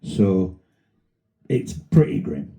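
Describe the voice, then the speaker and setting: A man's voice: deep voice, lively intonation, extremely slow, dark tone, rough recording. A man with a Sheffield accent hosting a casual podcast, telling rambling, sweary stories. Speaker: podcast host. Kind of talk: casual banter.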